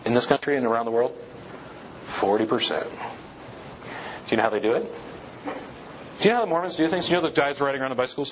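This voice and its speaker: A man lectures in a relaxed, conversational way, often turning to his listeners with rhetorical questions. His voice sits at an ordinary middle pitch. The recording is a bit dull and lo-fi, with a faint hiss underneath. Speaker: lecturer on church history. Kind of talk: classroom lecture.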